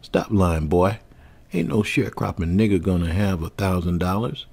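A man's voice: deep voice, moderate pace, vocal fry, a little mellow, slightly rough, exaggerated voice. A man voicing a violent, hateful white store assistant who sneers and threatens. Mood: menacing.

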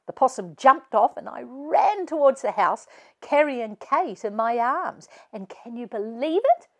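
A woman's voice: fairly high pitch, expressive, unhurried, a bit bright, pitched above the performer's own voice, exaggerated voice. A woman reading aloud, voicing a mother telling her children a dramatic family story. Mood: animated. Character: lively storytelling mother of many.

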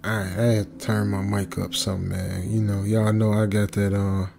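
Man, low gravelly voice, relaxed late-night chat, music behind. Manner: laid-back, slow, low-key talk with slang. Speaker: storytelling channel host. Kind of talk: casual chat to viewers. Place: home at night.

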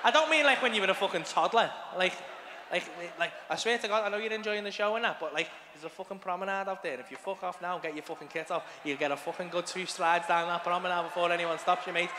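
A man's voice: sits high, fast talker, background noise. Male comedian, sweary crowd banter, stage mic, reverberant club room, faint murmur behind. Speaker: stand-up comedian. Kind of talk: live stand-up routine.

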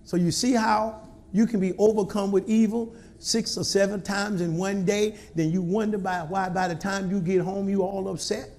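A male pastor preaching a sermon in a call-and-response style, swinging between quiet asides and shouted lines. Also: high voice, steady tone, normal speed.

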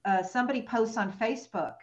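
A woman podcast host asking questions in an earnest, emotional way, with some halting and restarts. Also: fairly high pitch, highs cut off, a little hiss or hum. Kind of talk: interview questions.

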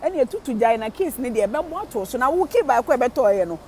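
A woman with a Ghanaian accent giving casual gossip commentary, animated, switching between Twi and English and laughing often. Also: sits high, quick pace, slight background noise. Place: living in Germany.

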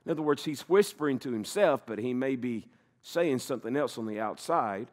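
Animated man preaching a sermon. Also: medium pitch. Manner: animated preaching, slows for emphasis, occasional laughs. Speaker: pastor.

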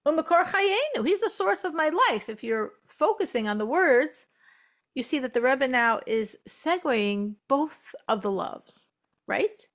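An American woman teaching a religious class in a lively spoken style, repeating phrases for emphasis and quoting Hebrew. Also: high voice, measured pace. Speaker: Torah teacher.

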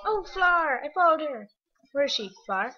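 A young woman chats excitedly through her gameplay, her voice high and bright. She jumps from one thing to the next. The sound is dull and lo-fi, with faint game music underneath. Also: a little fast. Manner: chatty, excitable, easily distracted. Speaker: gamer. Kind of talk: casual game commentary.

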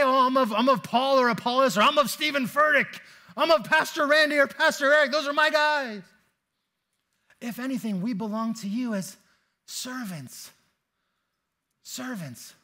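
A man delivers a sermon in a church in a relaxed, conversational style. His voice sits very high and sounds bright and forceful, and he keeps slipping into stories and casual fillers. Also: brisk. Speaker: pastor. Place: church sanctuary.

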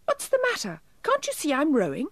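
A woman voicing a tiny, eager, fretful male elf with a small silvery voice, high and pleading, in a storybook reading. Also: huge pitch swings, fairly quick, dry recording, heavily acted. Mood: dismayed.

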